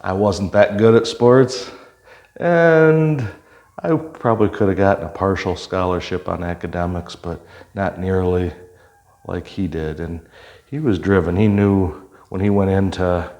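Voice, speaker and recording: An older man, a retired police officer, telling his life story in a relaxed interview, with many pauses and "uh"s. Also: sits low. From Michigan, US. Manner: unhurried, reflective, frequent "uh" pauses.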